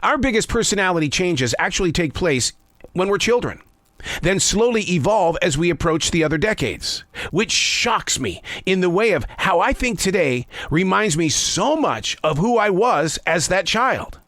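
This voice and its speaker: A man in his sixties hosts a scripted commentary monologue, playful and expressive. His voice sits a little high for a man and swings widely in pitch. The sound is dry and close, with no room echo. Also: moderate pace. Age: 60s. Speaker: host. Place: South of the United States.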